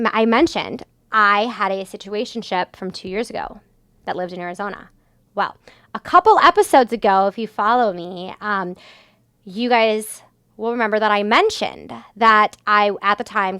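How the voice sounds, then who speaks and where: A woman's voice: medium pitch, clean tone, no echo, clean studio sound. A young adult woman hosting a podcast, telling a story in a casual, exasperated way with lots of filler words. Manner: exasperated, animated retelling with many "like" fillers. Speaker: podcast host.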